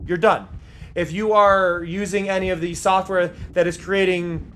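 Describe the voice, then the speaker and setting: A streamer from the United States talking live over gameplay, emphatic and worked up, repeating key points, at other times reading game text aloud in a playful, mocking way. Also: male voice, high voice, steady tone, a little slow, a bit bright. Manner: heated ranting, emphatic repetition.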